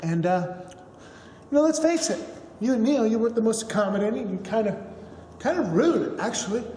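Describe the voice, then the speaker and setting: A man doing a high drawling skater-bro ghost. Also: expressive, brisk, mellow. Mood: mellow slacker. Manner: drawling, says "bro" constantly. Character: laid-back male skater-bro ghost. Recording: echoey hall with faint noise.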